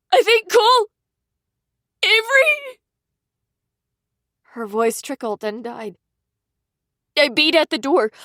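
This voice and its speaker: A woman narrating a suspense audiobook in the first person, with a measured, tense reading. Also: fairly high pitch, dry recording, clean studio sound.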